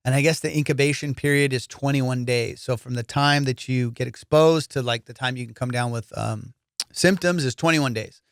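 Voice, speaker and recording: A man's voice: mid-range voice, moderate pace, clean tone, dry recording, clean studio sound. A man hosting a comedy podcast, telling casual stories in a loose, profane way, full of fillers and dude. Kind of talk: casual storytelling chat.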